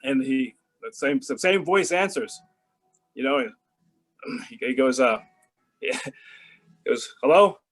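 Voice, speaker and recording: A man's voice: mid-range voice, animated, takes it slowly, long pauses, faint music behind, low-quality recording. A middle-aged man telling a story in an interview, rambling with many restarts and fillers, and acting out the phone calls in quoted voices. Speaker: interview guest. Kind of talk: casual storytelling.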